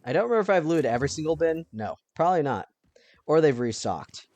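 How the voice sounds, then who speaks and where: A man giving casual let's-play commentary, thinking aloud and now and then breaking into panicked yelling. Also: on the high side, lively intonation, quick pace, no room sound, highs cut off.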